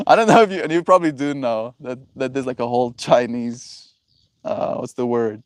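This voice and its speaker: A man's voice: mid-range voice, moderate pace, clean tone, no room sound. A man hosting a livestream who chats casually with viewers, rambling and reflective and laughing often. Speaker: livestream host.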